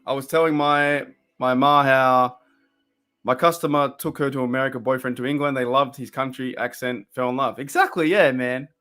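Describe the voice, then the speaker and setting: A young Australian man chatting casually and laid-back on a live stream, laughing often and reacting loudly to the plays. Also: medium pitch, fairly even intonation, normal speed. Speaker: watch party streamer.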